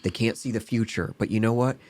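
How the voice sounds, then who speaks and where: A man's voice: fairly low pitch, a little fast, darkish tone. A man hosting a podcast interview, encouraging and reflective. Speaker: podcast host. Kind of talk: casual interview.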